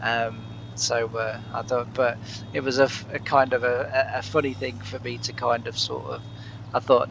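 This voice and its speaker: A man's voice: medium pitch, little pitch movement, normal speed, gravelly, noisy background. A man hosting a farming game let's play from his living room, chatting casually with lots of fillers and chuckles. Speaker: gaming channel host.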